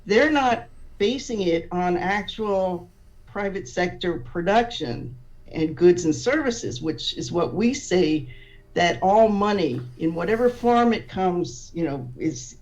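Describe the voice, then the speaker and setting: A woman's voice: fairly low pitch, animated, slow pace, darkish tone. A woman who is a podcast guest, explaining ideas patiently and step by step, often restarting her sentences. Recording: distant, dull-sounding audio.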